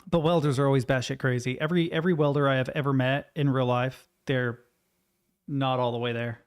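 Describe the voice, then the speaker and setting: A young man streaming live, chatting casually and ranting with plenty of swearing and animated retellings. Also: mid-range voice, brisk, clear, resonant tone.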